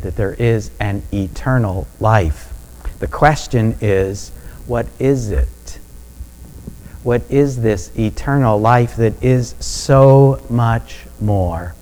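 A man preaching a sermon in a measured, deliberate way that builds to emphatic peaks. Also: mid-range voice, darkish tone, poor audio. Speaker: pastor.

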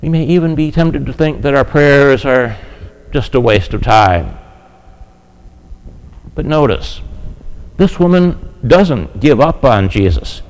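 A man's voice: mid-range voice, lively intonation, unhurried, a little mellow, poor audio. A man preaching a sermon, earnest and direct, often asking his listeners rhetorical questions. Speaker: pastor.

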